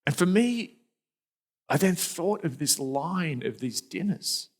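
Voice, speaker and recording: A man's voice: fairly high pitch, lively intonation, slow. A middle-aged man preaching a sermon as a pastor, telling a personal story in a conversational, reflective way with fillers and restarts.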